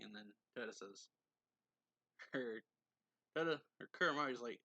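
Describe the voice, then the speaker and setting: A man's voice: mid-range voice, steady tone, normal speed, long pauses, bright, forceful tone, dry recording, muffled recording. A man recapping a manga chapter in a casual way, reading characters' lines aloud with a slight lift and laughing often. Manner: reads quotes in a slightly raised voice, laughs often. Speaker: manga reviewer.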